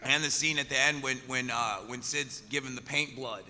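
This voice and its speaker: A man's voice: mid-range voice, steady tone, normal speed, big-room sound, crowd noise. A man telling rowdy, profane stories on a convention panel, laughing often and talking animatedly. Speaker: panelist, musician.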